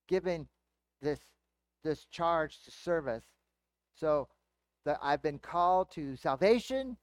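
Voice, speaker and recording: A pastor preaching a sermon in an easy, conversational teaching manner, asking the congregation rhetorical questions. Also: male voice, on the high side, smooth, no room sound.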